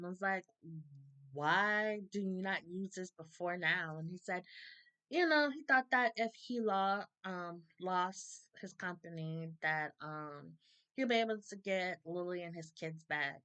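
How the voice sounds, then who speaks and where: A woman's voice: lowish voice, lively intonation, measured pace, a bit bright, smooth, rough recording. A woman giving a casual, opinionated episode recap, laughing often and acting out characters' lines. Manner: chatty, opinionated, laughs often, acts out quotes. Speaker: soap opera reviewer.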